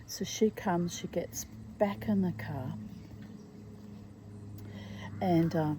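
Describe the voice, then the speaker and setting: A middle-aged woman reading aloud from her own memoir, reflective and halting, with frequent asides. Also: on the low side, background noise. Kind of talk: personal storytelling read aloud.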